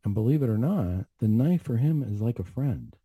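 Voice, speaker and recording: A man's voice: mid-range voice, lively intonation, moderate pace, mellow, husky, dry recording. Counselor guy telling a faith story on a talk show, earnest, lots of asides, dry close sound. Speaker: mental health counselor.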